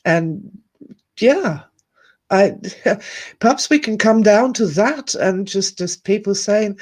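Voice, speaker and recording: Woman host of a live stream, earnest and musing, slow husky voice with a lively, rising and falling pitch. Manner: earnest, musing, reading viewer comments aloud; laughs softly between thoughts. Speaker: host of a live online talk. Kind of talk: reflective live-stream monologue.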